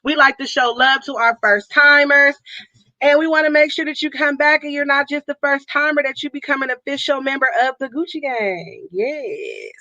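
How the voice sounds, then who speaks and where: A high-pitched woman with a bright, forceful voice hosts a casual livestream chat, calling out her viewers one by one with upbeat hype. She's from Northern California. The sound is dry and a bit dull, like a lo-fi stream. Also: moderate pace, dry recording. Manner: upbeat, hypes viewers with call-outs and nicknames. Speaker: livestream host.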